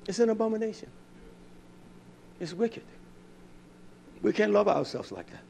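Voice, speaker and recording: A man preaching a fiery, scolding sermon that swings from loud outbursts to quiet asides. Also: sits high, lively intonation, a little slow, vocal fry, a little hiss or hum.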